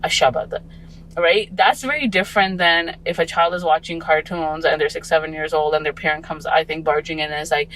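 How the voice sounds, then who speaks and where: A woman's voice: low-pitched, fairly even intonation, fairly quick, fairly bright tone, a little hiss or hum, low-quality recording. A woman in her forties, a parent talking as a podcast guest, reflective and rambling with many fillers. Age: 40s. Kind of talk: casual podcast conversation.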